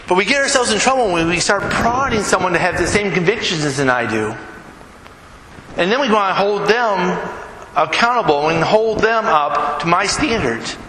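Man, pastor, conversational sermon, long church reverb, steady background noise. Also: high voice, normal speed. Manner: conversational preaching with frequent "right?" asides. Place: church sanctuary. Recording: echoey hall with noise.

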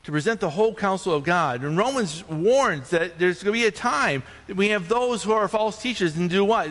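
A male pastor delivering an animated sermon, his voice climbing high on points of emphasis. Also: normal speed, hardly any pauses. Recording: long hall reverb.

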